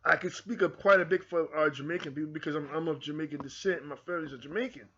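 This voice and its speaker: A man's voice: a little high, very fast, pushed and bright. A man with an American accent hosting his own channel, delivering a fervent, repetitive monologue straight to his viewers. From United Kingdom. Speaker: channel host. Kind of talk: impassioned monologue to camera. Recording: dull lo-fi recording.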